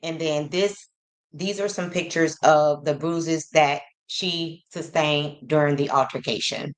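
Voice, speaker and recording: A woman hosting a casual livestream, greeting her chat by name and reading messages aloud slowly. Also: low voice, steady tone. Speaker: livestream host.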